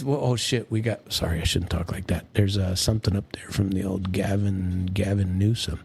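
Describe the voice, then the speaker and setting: A man's voice: low-pitched, fairly even intonation, normal speed, gravelly, hardly any pauses, a little mellow, breathy edge. A man giving a casual, rambling commentary monologue, grumpy and sarcastic, with many restarts and fillers. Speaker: political commentator.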